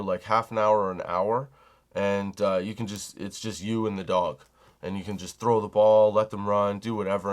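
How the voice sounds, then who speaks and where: Brief: young male comic host, loose and rambling, profane, storytelling mode. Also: on the low side. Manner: rambling, animated, swears casually. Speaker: comedy podcast host. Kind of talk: casual storytelling monologue.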